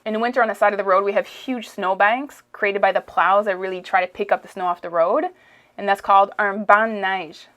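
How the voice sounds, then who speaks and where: A woman's voice: medium pitch, steady tone, brisk, a bit bright. A woman with a Quebec French accent teaching French expressions in a casual lesson, repeating phrases and checking in with "okay?". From Quebec, Canada. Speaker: language teacher.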